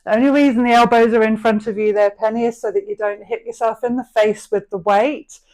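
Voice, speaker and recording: An English fitness instructor, a middle-aged woman, leads a live online workout class and cues every rep and posture in an encouraging, practical way. Her voice is fairly high, steady and a little mellow, and she speaks fairly quickly.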